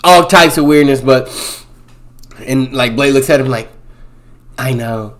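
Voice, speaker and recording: Young man recapping a movie, slangy. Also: normal speed. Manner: slangy, rambling, punctuates with "boom" and "bro". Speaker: movie reviewer.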